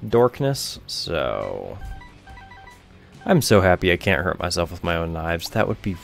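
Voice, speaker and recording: A man's voice: low voice, big pitch swings, a little slow, gravelly, faint music behind. A young man giving rambling, offhand let's-play commentary over a video game, swearing casually. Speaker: gameplay commentator.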